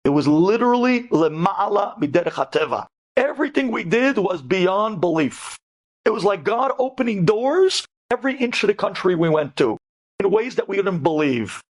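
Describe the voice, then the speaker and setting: A rabbi tells an inspirational tale in a fairly high male voice. His delivery is animated, dipping low and then climbing sharply, and he drops Hebrew words in as he goes. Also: moderate pace. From United States. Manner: animated, swings between hushed and soaring pitch; sprinkles Hebrew terms into speech. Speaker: rabbi storyteller. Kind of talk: inspirational storytelling.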